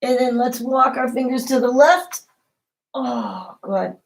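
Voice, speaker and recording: A woman talks a class through yoga poses one cue at a time, calm and encouraging. Her voice sits a little on the high side. She keeps a steady, guiding tone as she instructs. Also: slow, creaky, low-quality recording. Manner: calm and encouraging, step-by-step cues.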